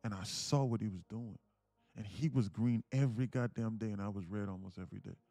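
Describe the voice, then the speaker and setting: A man's voice: on the low side, fairly quick, dark tone, no room sound, soft background music. A young man hosting a live day trading stream, talking passionately and emphatically, swearing freely. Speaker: day trading livestream host.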